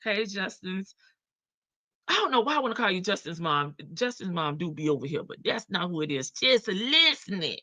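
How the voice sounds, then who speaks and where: A woman's voice: lowish voice, expressive, fairly quick, fairly bright tone, no echo. A woman hosting a casual livestream, greeting chat members by name in a slangy, playful way. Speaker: livestream host.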